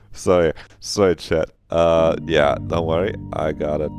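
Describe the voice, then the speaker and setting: A man with a very low voice talks to his chat while he plays a game. He is jokey and loose, laughing often and tossing out crude asides. Game music plays clearly behind him. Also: darkish tone. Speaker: streamer playing a visual novel. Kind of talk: casual live-stream chat.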